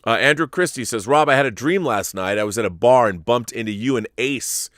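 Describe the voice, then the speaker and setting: A middle-aged man hosting a live stream, reading viewer messages and answering them in a halting, rambling way. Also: mid-range voice, expressive, a bit bright, no echo, studio quality. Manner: rambling, halting, restarts often. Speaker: host.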